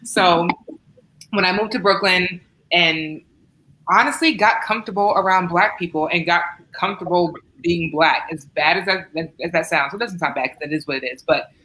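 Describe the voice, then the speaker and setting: Low, bright-edged monotone woman. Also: moderate pace, low-quality recording. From Southern Ohio, US. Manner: fairly monotone yet forceful storytelling. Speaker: writer, panelist. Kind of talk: interview answers. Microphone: video call.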